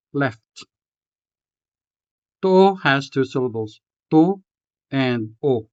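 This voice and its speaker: A man narrates a pronunciation lesson at an unhurried pace, carefully breaking words into syllables. His voice is smooth and resonant. The recording is dry and close, with a slightly muffled, lo-fi tone. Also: mid-range voice, no echo. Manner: slow, deliberate, enunciating example words syllable by syllable. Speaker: language tutor. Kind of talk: scripted instructional narration. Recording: slightly dull, dry voice-over.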